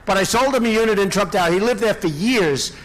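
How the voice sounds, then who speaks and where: A man's voice: high-pitched, fast, a bit bright, a little hiss or hum. A man giving a campaign rally speech, boastful and rambling, with many asides to the audience. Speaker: political candidate.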